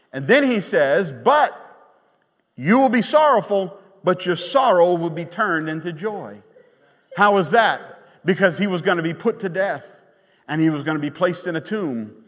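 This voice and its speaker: High-voiced preaching man in a reverberant hall. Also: measured pace. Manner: emphatic, animated preaching with sudden quiet drops. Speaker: pastor. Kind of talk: sermon. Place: church sanctuary. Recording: long church reverb.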